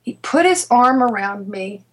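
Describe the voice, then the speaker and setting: A woman with a husky, breathy voice sitting fairly high in its register. She tells her own story in an interview, often stopping, restarting and repeating words as she goes, with a quick laugh here and there. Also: expressive, poor audio. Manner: earnest storyteller, laughs between sentences. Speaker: interview guest. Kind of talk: personal story in conversation.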